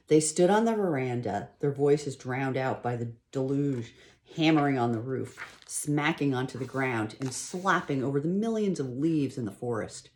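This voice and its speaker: A woman reading a children's novel aloud at home in a plain, unpolished way, stopping now and then to correct herself or add a quick aside. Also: rumbling low, a little mellow. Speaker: storybook reader.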